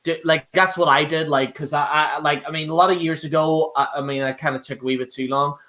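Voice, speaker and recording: Bright, rambling Irish male host. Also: a little high, steady tone, a little fast. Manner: rambling, swears a lot, many restarts. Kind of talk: casual live-stream chat.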